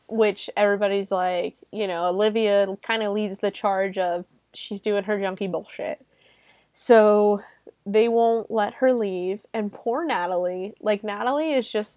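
A woman podcaster chats through a film in a loose, sarcastic way, swearing freely and piling on "like" fillers. Her voice sits at a middle pitch and comes across dry and close, with no room sound. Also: darkish tone, dry recording. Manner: lots of "like" fillers. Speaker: podcast host reviewing a film. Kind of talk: casual chat.

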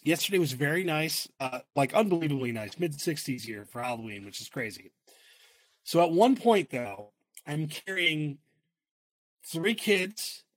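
A middle-aged man, a father and coach, co-hosting a casual podcast and talking in an excitable, rambling way with the odd swear word. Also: fairly high pitch, dry recording. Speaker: podcast co-host. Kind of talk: casual chat.

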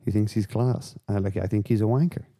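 A man hosting a podcast, rambling through casual, sweary, animated rants. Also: fairly low pitch, brisk. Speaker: podcast host. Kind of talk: casual chat.

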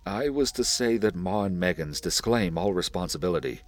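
A man voicing an uneasy messenger who speaks quietly and stiffly formal in a storybook reading. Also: sits low, expressive, moderate pace, faint music behind, pitched above the performer's own voice.

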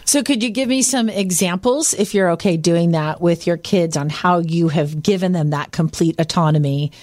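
A woman's voice: lowish voice, normal speed, a little mellow, dry recording, faint music behind. A woman hosting a podcast, asking her guest questions in an encouraging way. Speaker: podcast host. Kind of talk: interviewing a guest.

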